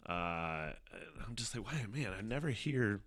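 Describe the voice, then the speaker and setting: Rambling through a casual solo podcast episode, a middle-aged host curses often, laughs, and leans on fillers. He speaks unhurriedly in a fairly low, animated voice with a fairly bright tone; the recording is dry.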